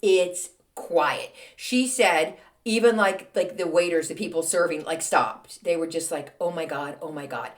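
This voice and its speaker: A woman's voice: on the low side, measured pace. A woman hosting a podcast, telling a story in a casual, chatty way with plenty of fillers. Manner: chatty, conversational, many fillers like "um" and "like". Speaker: podcast host.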